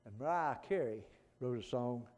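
A middle-aged man, preaching a folksy sermon that swings from soft pleading to loud fervent calls. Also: medium pitch, lively intonation, normal speed. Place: church sanctuary. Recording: long church reverb.

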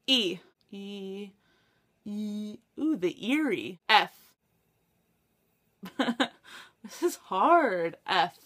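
Young woman, book vlogger, casual chat to camera, bright voice, excitable, quick to laugh. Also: medium pitch. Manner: excitable, laughing, swears when stuck.

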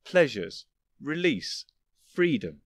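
A man's voice: medium pitch, very animated, slow pace, no echo. Man voicing a smug, sly guild chief, cool delivery, dry recording. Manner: smug, coolly challenging. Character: sly, cocky male guild leader.

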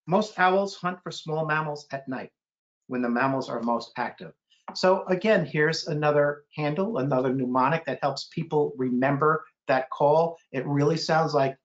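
A man's voice: moderate pace, lo-fi sound. A middle-aged man reading a children's book aloud, breaking into playful bird call imitations. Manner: animated, mimics bird calls with sudden high hoots.

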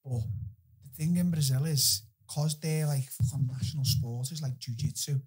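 A man with a Scouse accent, a podcast guest telling his stories in an animated way and swearing freely. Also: medium pitch, moderate pace, breathy edge. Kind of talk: casual storytelling.

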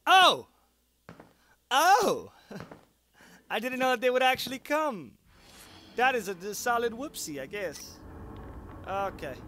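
A man doing excitable horror game commentary, loud and full of swearing. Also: very high-pitched, takes it slowly, long pauses, slight background noise. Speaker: gaming video creator.

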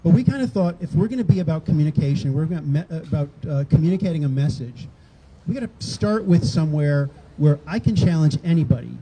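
A man's voice: fairly high pitch, animated, quick pace, dark tone, slight background noise, rough recording. An older man, a rally organizer, speaking conversationally to a crowd outdoors and acting out quoted exchanges. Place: outdoors on a town green.

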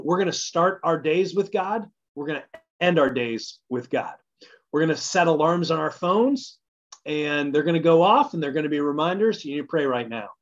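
A man giving a casual midweek church talk as pastor, conversational and enthusiastic, thinking aloud as he goes. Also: on the high side. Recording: dull lo-fi recording.

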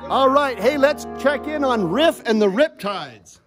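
A man's voice: very high-pitched, animated, unhurried, over music. A man hosting a comedy variety show in a mock-solemn presenter manner. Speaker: host.

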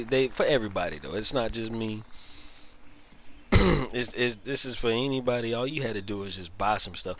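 Young male game streamer, lively swooping delivery, easygoing slangy banter with his chat, headset mic, faint hiss behind. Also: medium pitch. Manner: loose slangy banter, greets chat, laughs often. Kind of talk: casual stream chat while playing. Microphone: gaming headset.

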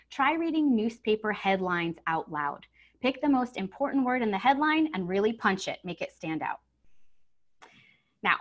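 Over a video call from her home setup, a female communication trainer coaches webinar attendees on using their voice. Each tip gets a live demonstration as she stresses important words and plays with how high and how loud she speaks.

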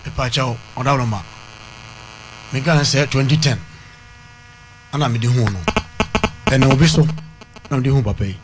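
A man's voice: mid-range voice, fairly quick, long pauses, background noise. A man defending himself in a talk-show argument. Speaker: disputant. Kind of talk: heated dispute on a talk show.

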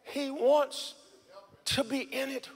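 A man preaching a live Sunday sermon in a church, calling out to the congregation and swinging from low, close talk to impassioned shouting. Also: fairly even intonation, slow pace, vocal fry. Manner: addresses congregation members directly. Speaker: pastor. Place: church sanctuary before a congregation.

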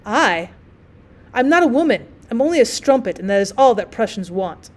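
A woman's voice: high voice, big pitch swings, moderate pace. A woman reading a defiant, furious young woman. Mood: indignant. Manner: indignant, vehement.

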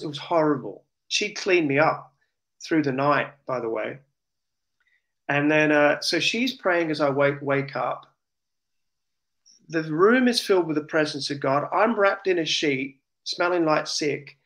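A man's voice: a little high, takes it slowly. An Australian man, an interview guest, earnestly and emotionally recounting a personal testimony. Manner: earnest, emotional, animated retelling.

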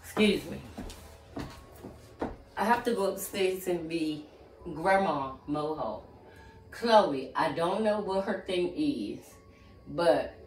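A woman's voice: fairly low pitch, recorded from a distance, slight background noise. A woman giving a casual tarot reading at home, dramatic and rambling, shaken and catching her breath between exclamations. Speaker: tarot reader. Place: home room. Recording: roomy, off-mic with faint music.

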